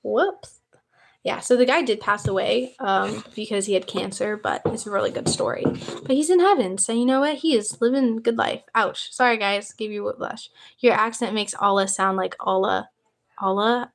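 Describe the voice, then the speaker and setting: A young woman from the United States talks on her phone livestream in a casual, eager way. She rambles a little and answers viewers' questions as she goes. Her voice sits at a middle pitch. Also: normal speed, creaky. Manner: chatty, eager, reads out chat questions. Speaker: livestream host.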